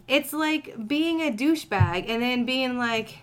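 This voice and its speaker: A woman co-hosting a podcast in casual chat, opinionated and animated, slipping into mock voices to make her point. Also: high voice, a little slow. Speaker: podcast co-host.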